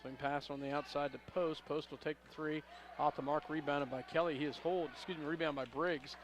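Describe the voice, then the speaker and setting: A man announcing a high school basketball game play-by-play, calling passes quickly and rising on big plays. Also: steady tone, faint music behind. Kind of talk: local radio basketball commentary.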